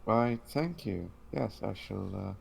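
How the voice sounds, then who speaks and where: A man playing a polite, refined male high elf wizard who speaks in formal, courteous phrases. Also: lively intonation, slow pace, creaky, slight background noise, heavily acted, rough recording.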